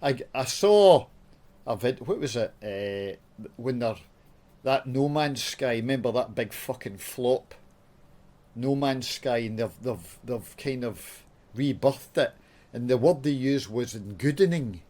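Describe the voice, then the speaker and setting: A man's voice: medium pitch, expressive, slow, a little mellow. Swearing Scottish man ranting while playing. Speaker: YouTuber. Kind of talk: casual gaming chat with swearing.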